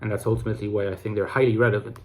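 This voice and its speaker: A man with a lowish, slightly mellow voice talks very fast with little pitch movement. He hosts an online channel about personality types, musing casually to camera while restarting phrases and using fillers.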